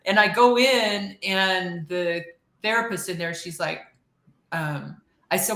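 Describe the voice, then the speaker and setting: A woman's voice: on the low side, slow, creaky, bright, forceful tone. A woman guest telling a story in casual chat, acting out quoted lines and laughing often. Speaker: podcast guest. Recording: echoey room.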